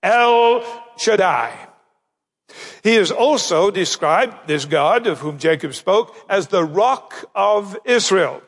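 A man preaching a sermon, slowing down and stressing key phrases as he builds his points. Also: high-pitched, lively intonation, breathy edge, big-room sound.

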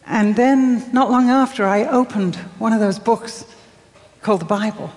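An older woman giving a sermon, telling her story softly with dramatic pauses and acting out the voices she quotes. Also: fairly high pitch, in a large hall. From England. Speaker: speaker.

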